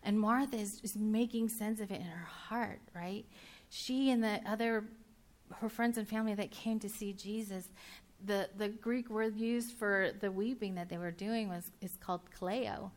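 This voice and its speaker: A woman preaching a casual, conversational sermon, chatty and full of quick restarts, laughing easily and bantering with her listeners. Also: mid-range voice, steady tone.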